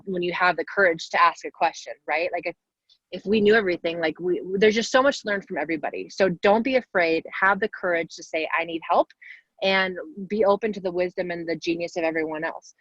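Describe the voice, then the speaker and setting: A woman's voice: lowish voice, no room sound. A woman in her forties answering young players' questions in a casual, encouraging way, speaking directly to them. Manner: warm, upbeat, talks directly to the kids. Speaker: guest athlete answering questions. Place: video call. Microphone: video call. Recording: dull lo-fi video call audio.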